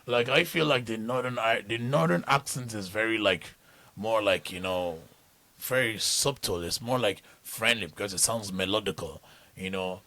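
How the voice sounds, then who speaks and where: A man's voice: fairly low pitch, normal speed, no echo. A young man from Nigeria with an accent mixing Nigerian and Irish, chatting loosely as a podcast guest. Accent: Nigerian with Irish mix. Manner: animated, loose, often breaks into mock Irish voices. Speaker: guest, comedian and vlogger. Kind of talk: casual podcast chat.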